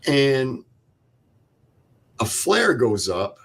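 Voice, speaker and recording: A man's voice: medium pitch, big pitch swings, drawn-out words, slightly rough. An older man, a veteran guest, telling a vivid step-by-step war story and acting out the dialogue. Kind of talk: interview storytelling.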